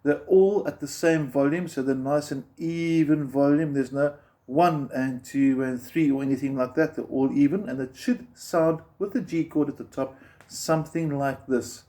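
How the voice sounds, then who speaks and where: A man's voice: fairly high pitch, moderate pace, dark tone. A man teaching beginner guitar step by step, patiently explaining and counting the beats aloud as he strums.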